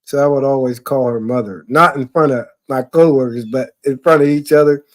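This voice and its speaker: A man's voice: mid-range voice, fairly quick. A man telling loose, profane stories in casual chat, rambling with fillers and laughing often. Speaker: podcast talker.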